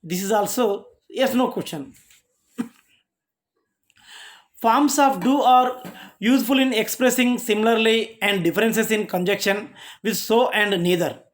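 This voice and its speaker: Halting Indian English grammar lecturer. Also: mid-range voice. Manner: halting, with many restarts, explains each example after reading it. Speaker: college lecturer.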